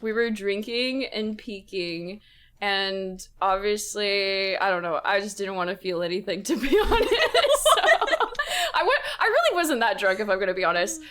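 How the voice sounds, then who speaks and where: A young woman co-hosting a podcast tells a story in a casual chat, animated and laughing often. Her voice is medium-pitched at a normal speed, with slight background noise.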